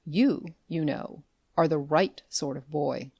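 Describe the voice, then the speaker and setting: A woman's voice: low voice, slow, vocal fry, darkish tone, husky, dry recording, studio quality, exaggerated voice. A woman voicing a courteous male magic shopkeeper in a storybook reading, with polite and mysterious speech.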